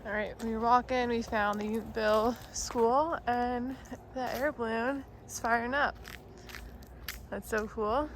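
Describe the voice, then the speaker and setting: A woman's voice: on the high side, steady tone, a little slow. A woman vlogging in a chatty, bubbly way and laughing often, filming on a handheld phone while travelling. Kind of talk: casual vlog chat. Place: outdoors and indoors while travelling. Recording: noisy handheld travel footage.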